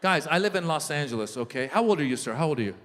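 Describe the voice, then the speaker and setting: A middle-aged man doing stand-up comedy, chatting with the audience in lively crowd work, in a hall with long reverb. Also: fairly high pitch, fast.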